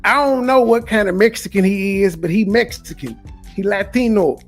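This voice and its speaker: A man's voice: high voice, normal speed, faint music behind. A man live-streaming commentary on clips in a wry, mocking, argumentative way.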